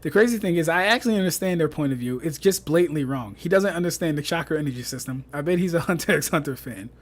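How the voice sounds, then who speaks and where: A young man giving casual livestream commentary, mocking and exasperated, swearing, repeating himself and laughing often. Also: fairly high pitch. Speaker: streamer reviewing fan debates.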